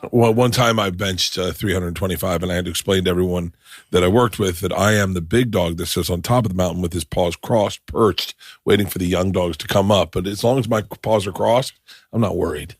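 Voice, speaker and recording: A middle-aged man hosts a podcast in loose, joking talk full of swearing. His voice sits on the low side and the close studio mic keeps it dry. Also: a little fast, dry recording. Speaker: podcast host. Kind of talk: casual interview chat.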